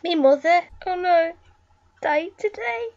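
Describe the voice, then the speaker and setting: A woman's voice: extremely high pitch, expressive, slow, a little mellow, dull audio, heavily acted. A woman doing a sad young pigeon lad with a Scouse-Brummy accent. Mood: grieving. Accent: put-on Scouse-Brummy mix. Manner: playful mock-sincere line reading. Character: sad lonely young male pigeon suitor. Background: game music.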